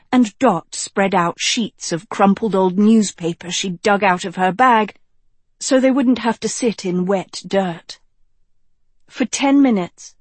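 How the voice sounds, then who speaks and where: Slow, husky woman narrating a storybook. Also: medium pitch, no room sound. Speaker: audiobook narrator. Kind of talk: scripted narration.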